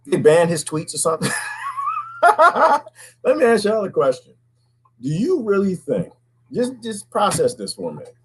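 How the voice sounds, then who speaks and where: A middle-aged man talking casually to viewers, folksy and animated, full of rhetorical questions. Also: fairly high pitch, husky, low-quality recording. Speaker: podcast host.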